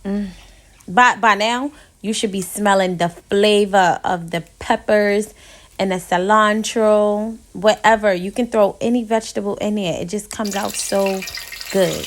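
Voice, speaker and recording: A woman's voice: mid-range voice, steady tone, unhurried, background noise. A young woman chatting through a casual cooking tutorial in her home kitchen, talking straight to her viewers as "y'all". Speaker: home cook vlogger.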